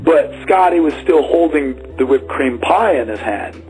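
A man's voice: a little high, lively intonation, unhurried, a little mellow, faint music behind, low-quality recording. A man telling a personal story in a casual, rambling way, full of fillers and acted-out quotes. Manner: rambling, many "like"s, acts out quotes.

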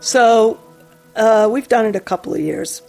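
A woman telling a casual personal story in a chatty way, with laughs and soft asides. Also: fairly high pitch, measured pace, creaky, soft background music.

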